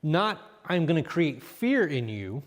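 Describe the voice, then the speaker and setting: A man leading a parent seminar, calm and affirming, acting out level-toned examples. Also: fairly high pitch, measured pace. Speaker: seminar leader. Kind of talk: coaching parents in a live seminar.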